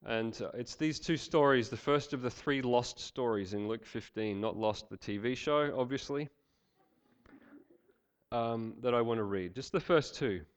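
An Australian man preaching a sermon, swinging from loud, emphatic passages to quiet, intense ones. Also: mid-range voice, measured pace, clean tone. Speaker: pastor.

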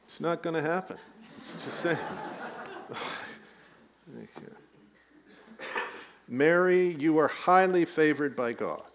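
A man's voice: on the high side, expressive, takes it slowly, pauses often. A man preaching a sermon, telling the story with rising emphasis and light asides. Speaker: pastor.

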